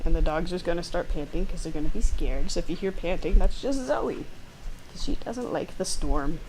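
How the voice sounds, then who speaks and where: A woman's voice: lowish voice, moderate pace, noisy background. A woman hosting a let's-play at home, reading game narration and chatting with self-deprecating, dry humor. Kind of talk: casual game narration and commentary.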